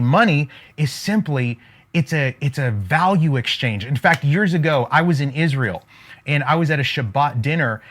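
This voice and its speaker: A man's voice: a little high, a bit bright. A man giving an emphatic, repetitive motivational lesson on making money, in the manner of a preacher. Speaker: online business coach.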